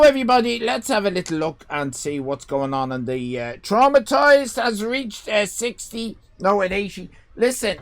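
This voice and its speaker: A middle-aged Irish man hosts a comedy stream, loud and rambling, swearing and tripping over his restarts. His voice sits high and jumps all over the place, with a gravelly, bright edge. Now and then he drifts away from the mic. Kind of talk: comic character stream chat.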